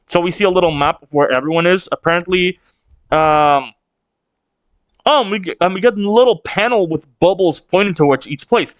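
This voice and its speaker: A man's voice: high-pitched, moderate pace, no echo, lo-fi sound. A man hosting a casual manga read-along reaction, rambling with restarts and casual swearing.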